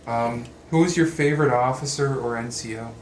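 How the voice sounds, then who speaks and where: Male interviewer, mid-pitched, short encouraging responses, echoey room. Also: fairly quick. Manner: brief, encouraging reactions. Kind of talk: interview questions. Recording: echoey room, faint background hiss.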